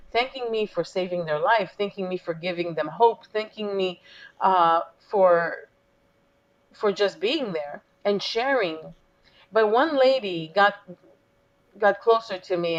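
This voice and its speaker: A woman coach tells her story as an interview guest, earnest and emotional, voicing each quoted exchange. Her voice sits at a middle pitch. The recording sounds a little dull and lo-fi.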